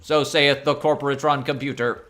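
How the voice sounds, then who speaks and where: A man voicing a blunt corporate robot computer that issues flat mechanical decrees. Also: medium pitch, moderate pace, close to an everyday voice. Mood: commanding.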